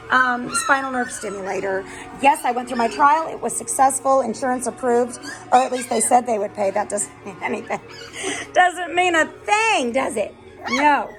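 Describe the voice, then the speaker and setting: A woman's voice: a little high, low-quality recording. A woman dog breeder chatting casually on a vlog, rambling with lots of fillers and cooing at her puppies. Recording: music playing behind. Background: background music, puppies.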